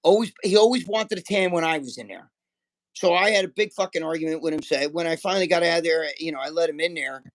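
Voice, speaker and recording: A man in his sixties, a guest, telling rough, animated stories in casual chat and swearing often. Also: on the high side, fast talker, poor audio. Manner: animated, profane storytelling.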